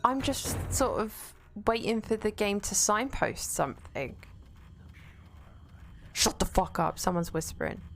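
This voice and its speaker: A woman's voice: medium pitch, very animated, a little slow, vocal fry, a little hiss or hum. Swearing woman streaming a game. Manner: chatty and swears freely, reads chat aloud. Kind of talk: casual chat while playing a game.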